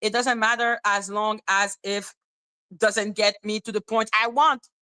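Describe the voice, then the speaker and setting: A woman's voice: mid-range voice, fairly even intonation, a little slow, bright, forceful tone, smooth. A woman hosting a casual live-stream commentary, blunt and irritated, sounding condescending, swearing and repeating herself.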